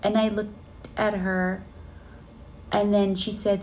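Casting: female vlogger, heartfelt storyteller, a little gravelly, faint room hiss. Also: mid-range voice, steady tone, unhurried, pauses often, a little mellow. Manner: earnest and emotional, many fillers. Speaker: flight attendant vlogger. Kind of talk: casual storytelling vlog. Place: hotel room on a layover.

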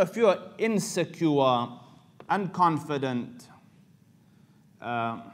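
A man teaching an Islamic lecture in a loose, conversational way, full of fillers and Arabic phrases. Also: high voice.

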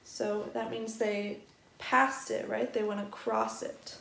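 A woman teaching a first grade vocabulary lesson at a distance, spelling each word out slowly and explaining it gently for young children. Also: medium pitch, steady tone, gravelly. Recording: echoey room.

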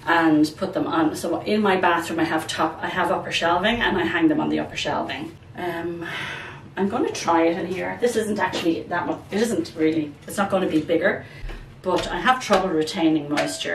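A middle-aged woman chatting casually while she repots her plants, rambling and calling her viewers "guys". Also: lowish voice. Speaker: plant vlogger. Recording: echoey room, distant mic, background noise.

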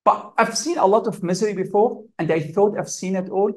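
Man, high-pitched voice, physician at a talk, emotional, halting delivery. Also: a little mellow. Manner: emotional, halting, with repeated restarts. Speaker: physician speaker. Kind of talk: personal account at a public talk.

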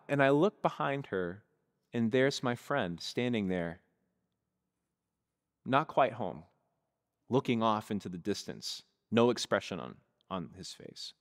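A man's voice: fairly low pitch, big pitch swings, slow pace, long pauses. A male pastor preaching a sermon, telling a story vividly and speaking directly to his congregation, in a church sanctuary on a stage mic. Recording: long reverb of a church hall.

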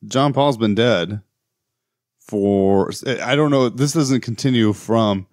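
A man co-hosting a podcast, adding relaxed comments in a casual chat about comics. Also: medium pitch, takes it slowly, no room sound, clean studio sound. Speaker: podcast co-host.

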